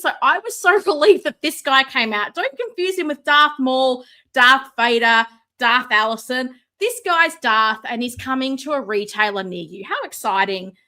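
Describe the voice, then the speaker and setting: A woman hosting a live stream from home, chatting casually, excitable and sarcastic, sometimes shouting. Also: high voice. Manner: excitable, sarcastic, loud at times. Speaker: livestream host. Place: home room with ring light. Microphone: no mic close by, computer setup.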